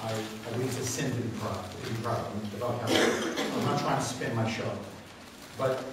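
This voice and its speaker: A man who hosts a radio talk show speaks to a meeting. He tells stories with passion and rises to loud exclamations. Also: medium pitch, moderate pace. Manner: impassioned storyteller, rising to loud exclamations. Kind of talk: speaking to a meeting, answering questions. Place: meeting room. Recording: echoey hall, speaker far from mic, faint noise.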